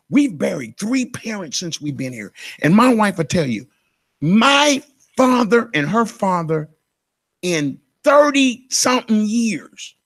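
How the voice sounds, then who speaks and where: A man's voice: sits high, fairly bright tone, no room sound, clean studio sound. A middle-aged man preaching a sermon as a pastor, emotional and impassioned.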